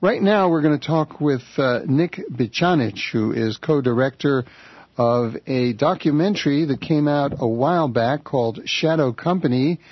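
A man's voice: mid-range voice, normal speed, husky, no echo, lo-fi sound. A man guest-hosting a political talk radio show from a studio, talking in a conversational, wry way with filler uhs.

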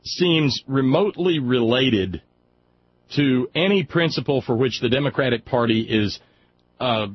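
Animated, chatty male radio host. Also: mid-range voice, measured pace, husky. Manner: chatty and animated, laughs easily, restarts a lot. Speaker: radio talk show host. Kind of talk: call-in radio chat. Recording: slightly dull radio audio with faint noise.

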